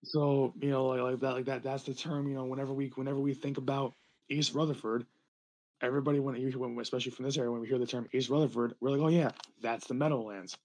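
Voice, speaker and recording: A young man from New Jersey co-hosting a podcast, talking in a rambling, animated way with lots of fillers and laughter. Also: medium pitch, fast talker. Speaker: podcast co-host. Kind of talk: casual podcast chat.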